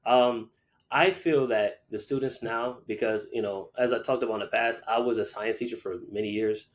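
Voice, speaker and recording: Male guest, 40s, teacher; lively storyteller who slips into quoted voices. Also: medium pitch, moderate pace. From Connecticut, USA. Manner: animated storyteller who acts out quoted people. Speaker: guest, middle school teacher. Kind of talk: casual storytelling interview.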